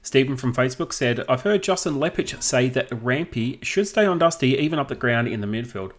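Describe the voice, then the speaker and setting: An Australian man co-hosting a casual podcast, easygoing and quick to laugh while reading listener questions. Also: medium pitch, lively intonation. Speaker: podcast co-host.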